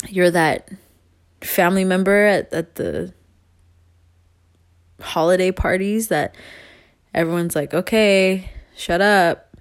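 A woman's voice: on the low side, no echo. Earnest rambling woman vlogger, dry sound. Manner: rambling, earnest, laughs often, swears casually. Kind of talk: casual monologue to viewers.

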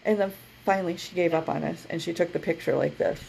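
Brief woman co-host, low and heavily gravelly voice, animated storyteller in relaxed chat. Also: fast talker, a little hiss or hum, poor audio. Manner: animated, laughs mid-story, acts out quotes. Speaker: podcast co-host. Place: her office.

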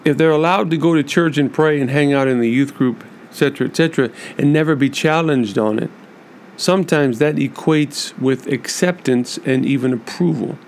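A man hosting a podcast, speaking earnestly and emphatically to church leaders in a measured monologue with many repeated lists. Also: a little high, a little hiss or hum. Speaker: podcast host.

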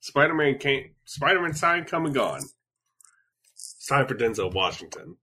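Male podcast co-host, wry deadpan humor, lively swings in pitch. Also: normal speed, breathy edge. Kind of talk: casual chat.

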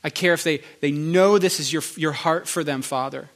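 A man ministering in prophetic prayer, speaking earnestly and repeating key phrases. His voice is bright and forward, pitched a little above the usual for a man. He often stops and restarts mid-sentence. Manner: earnest, repetitive, halting restarts.

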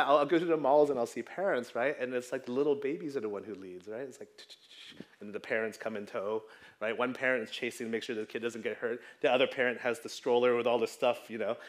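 A man in his thirties preaching a sermon in a conversational way, often checking in with the congregation. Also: mid-range voice. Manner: conversational, tags lines with "right?". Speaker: pastor.

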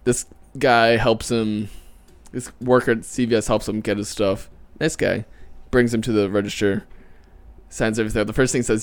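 A man's voice: on the low side, fairly even intonation, moderate pace. A young man hosting a casual podcast with friends, telling rambling stories and laughing often. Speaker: podcast host.

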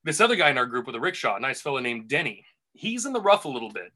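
A man's voice: mid-range voice, sing-song, very fast, bright, forceful tone. A man casually telling a rambling golf caddy story on a podcast, full of restarts and asides.

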